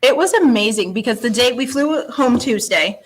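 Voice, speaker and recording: A woman's voice: fairly high pitch, animated, normal speed, a little hiss or hum, low-quality recording. A woman guest who teaches science, chatting in an interview with an upbeat, storytelling manner and frequent laughs. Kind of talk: casual interview chat.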